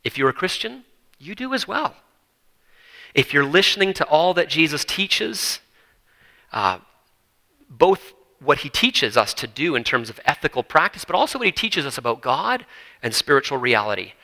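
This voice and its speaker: A man's voice: fairly high pitch, bright, forceful tone, poor audio. A male pastor preaching a sermon in an earnest, emphatic way, building lists and asking rhetorical questions. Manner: repeats words and phrases for emphasis.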